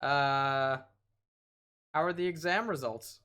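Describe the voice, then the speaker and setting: A man's voice: a little high, slow pace, bright, forceful tone, clear, resonant tone. A man streaming a horror game, reading its text aloud and dropping wry asides, sometimes tripping over his words.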